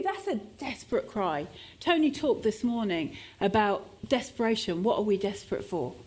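A woman preacher delivering a sermon at a church service, with shifting emphasis as she sometimes acts out desperate cries. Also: on the high side.

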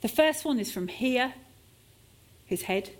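Woman preacher, sermon, lively swooping delivery, slightly high voice, church service. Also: slow pace. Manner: animated, shifting emphasis, acts out desperate cries.

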